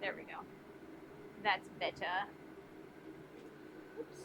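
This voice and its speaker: Bright-voiced woman streaming from her forge. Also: on the high side, a little slow. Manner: muses aloud and reads viewer comments. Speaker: blacksmith streamer. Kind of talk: casual live-stream chat while forging. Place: blacksmith workshop. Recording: dull lo-fi stream audio with faint noise.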